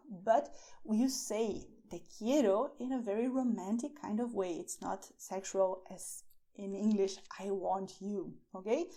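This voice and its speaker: A woman's voice: on the high side, dark tone. A woman teaching beginner words, repeating each one and often checking with "okay?". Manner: slow, repeats words, ends points with "okay?". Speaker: Spanish teacher. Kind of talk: beginner language lesson.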